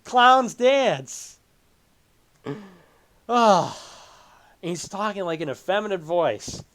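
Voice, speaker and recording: A man's voice: sits high, lively intonation, a little slow. A man hosting a livestream, ranting and mocking a video he is reacting to with laughter and exaggerated emphasis. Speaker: streamer host. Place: home streaming setup with green screen.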